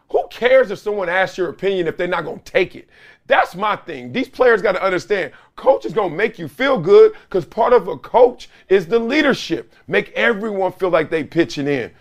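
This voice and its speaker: A middle-aged man hosting a solo sports commentary show, talking in an animated, sarcastic way with loud whoops, his voice hoarse. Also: sits high, normal speed.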